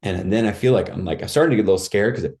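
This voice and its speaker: A man's voice: fairly low pitch, very fast, a little mellow. A man guest on a podcast, telling a personal story in casual talk, acting out his own cries and thoughts and saying "dude" and "like" a lot.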